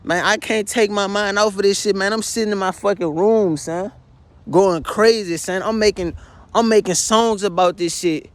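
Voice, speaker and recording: In his bedroom, a distraught young man records a tearful confessional vlog, venting with lots of profanity and repetition and addressing the listener as "son" over and over. He speaks at a moderate pace in a high-pitched voice with fairly even intonation.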